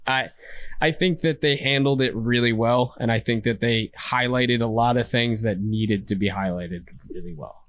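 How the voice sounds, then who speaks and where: A man's voice: medium pitch, normal speed. A man co-hosting a podcast, chatting casually about films and acting out lines from scenes. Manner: animated, quotes scenes in playful voices. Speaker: podcast co-host. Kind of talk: casual film discussion.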